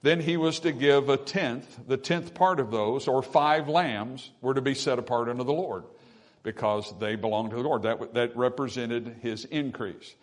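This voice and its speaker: A man's voice: mid-range voice, normal speed. A man delivers a sermon in a mid-range voice. He teaches patiently, asking the congregation rhetorical questions and repeating key phrases for emphasis. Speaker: pastor.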